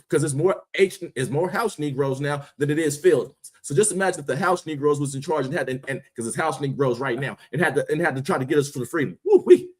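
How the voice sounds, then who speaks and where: Guy ranting to his stream, fired up and preachy, slangy, kinda high voice. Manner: preachy, emphatic, slangy, rhetorical questions. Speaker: streamer, host. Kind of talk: impassioned monologue.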